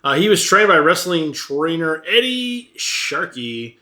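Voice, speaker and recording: A man hosts a casual podcast in a bright, forward voice. He jokes, laughs easily and keeps the conversation moving along. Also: fairly high pitch, very animated, unhurried. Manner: laughs often, runs the segment. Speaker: podcast host.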